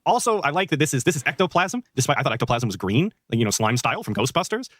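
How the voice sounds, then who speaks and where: Brief: mid-pitched man host, sarcastic and profane, reacting to a clip. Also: very animated, fast talker, no echo, studio quality. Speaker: stream host. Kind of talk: reaction commentary.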